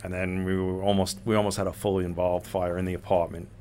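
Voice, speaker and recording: A man's voice: low-pitched, level tone, quick pace, a little mellow. A man and former police officer in casual conversation, hesitant with lots of fillers.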